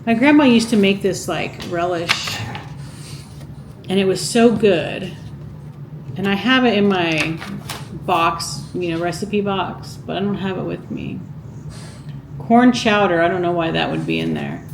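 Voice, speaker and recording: A woman's voice: lowish voice, very animated, measured pace, long pauses, roomy sound, noisy background. A woman vlogging casually, reading out items from a vintage cookbook and musing aloud with questions to her viewers. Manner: chatty, muses aloud and asks viewers questions. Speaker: cooking vlogger.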